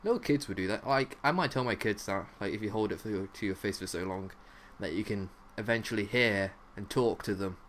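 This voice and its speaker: A man's voice: fairly low pitch, brisk, hardly any pauses, a bit bright, a little hiss or hum. A young man giving rambling, silly live commentary while playing a zombie game, hopping from one odd topic to the next. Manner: rambling, silly, jumps between topics, lots of "like". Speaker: gaming commentator.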